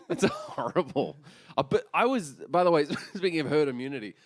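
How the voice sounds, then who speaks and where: Laughing, lively-voiced male podcast co-host. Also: a little high, moderate pace, no echo, clean studio sound. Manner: laughs often, loose and jokey. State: recovering from the flu. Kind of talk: casual chat.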